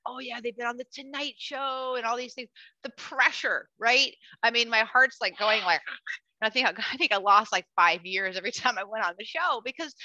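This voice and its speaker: A woman hosting a live educational bird show for children, chatty and animated, cooing at the bird and talking to the audience. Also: on the high side, dry recording. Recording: dull lo-fi dry sound.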